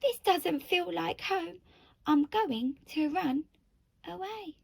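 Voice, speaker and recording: Woman voicing a gentle young tyrannosaurus boy, plaintive, high and slow, storybook. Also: wildly swooping pitch, vocal fry, slightly rough, no echo, exaggerated voice. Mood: sad. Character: timid young male tyrannosaurus, gentle and sad. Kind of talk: storybook reading.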